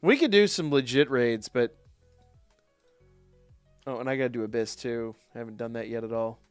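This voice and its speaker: A man's voice: mid-range voice, normal speed, clean tone, no echo, soft background music. Swearing man streaming a game live. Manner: swears a lot, rants in frustration; talks to chat in a casual tone. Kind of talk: live gameplay stream commentary.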